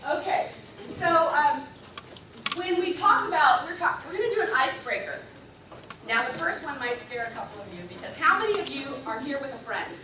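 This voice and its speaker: A woman's voice: sits high, sing-song, normal speed. A woman giving a chatty, upbeat motivational talk to a room of girls, asking them questions and speaking without a microphone. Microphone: camera at a distance, no microphone. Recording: roomy, distant, noisy camera recording.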